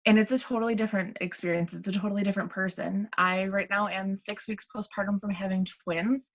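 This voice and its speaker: A woman's voice: medium pitch, fairly even intonation, fairly quick, poor audio. A woman coach giving an earnest, encouraging personal testimony on a webinar.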